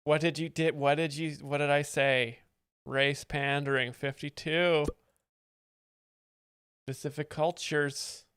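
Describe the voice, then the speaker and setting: A man's voice: fairly high pitch, level tone, takes it slowly, long pauses, fairly bright tone, smooth, dry recording. A man hosting a live stream, giving dry, mock-professorial commentary on a stand-up clip. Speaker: host explaining jokes.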